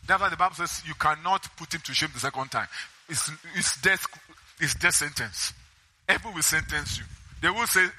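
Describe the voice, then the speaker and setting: A man's voice: a little high, pushed and bright. A man preaching a sermon, reading scripture aloud and putting questions to his congregation. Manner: call-and-response questions to the congregation; reads scripture aloud between remarks. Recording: echoey hall.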